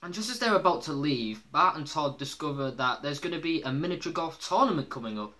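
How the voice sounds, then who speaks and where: A man's voice: a little high, expressive, brisk, pushed and bright. A man casually reviewing a cartoon episode, rambling with lots of fillers and laughter.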